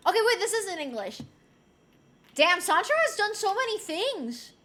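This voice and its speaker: A woman from Rico, chatting casually on a live stream. She is excitable and swears freely. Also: very high-pitched, moderate pace. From Puerto Rico.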